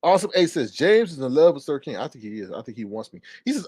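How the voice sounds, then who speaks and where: Male streamer, commentary rant; sassy and quick, mocking impressions; bright high pitch, dry room. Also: slightly rough, no echo. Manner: animated, sassy, fast-talking with mocking impressions.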